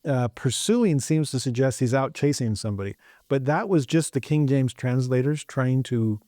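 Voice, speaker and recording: A man hosting a scripture lesson as casual commentary, humorous and animated, often slipping into joking voices. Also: medium pitch, moderate pace, no room sound, studio quality. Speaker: scripture teacher and podcast host.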